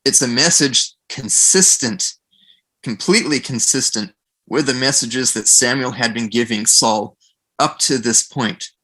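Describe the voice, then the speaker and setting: A man on a podcast talking about scripture, acting out quotes in a lively storytelling way. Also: mid-range voice. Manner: animated storyteller, acts out quoted voices. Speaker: podcast guest. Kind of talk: casual podcast discussion.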